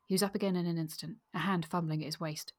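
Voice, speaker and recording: Low, husky woman reading aloud. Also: fast talker. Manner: fillers, lively when excited. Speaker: podcast co-host. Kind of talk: book discussion and reading aloud.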